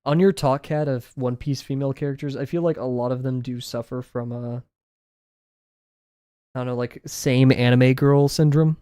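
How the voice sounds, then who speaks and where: A young man streaming his drawing session, rambling casually with viewers, self-deprecating and quick to laugh. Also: medium pitch, fairly even intonation, warm tone, smooth, no room sound, studio quality. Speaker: drawing livestreamer.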